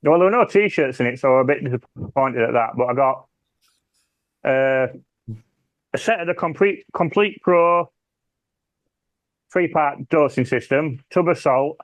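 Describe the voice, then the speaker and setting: A man's voice: medium pitch, muffled recording. A British man chatting casually on a podcast, rambling and trailing off as he talks. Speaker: podcast panelist. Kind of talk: casual chat.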